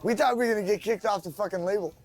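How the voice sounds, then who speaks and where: A band member tells a rowdy story in a documentary interview, brash and full of swearing. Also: male voice, sits high, very fast. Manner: brash, profane.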